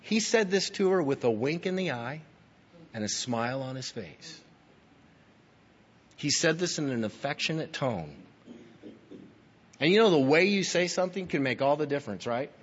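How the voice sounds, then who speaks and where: A man's voice: fairly high pitch, expressive, normal speed, long pauses, husky. A man preaching a sermon as pastor, emphatic and teaching, speaking straight to his listeners. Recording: dull, lo-fi recording in a reverberant hall.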